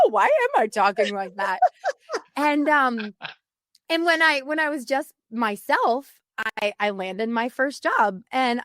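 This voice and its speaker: Lively woman podcast host, higher voice. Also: normal speed, no echo, studio quality. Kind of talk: casual conversational interview.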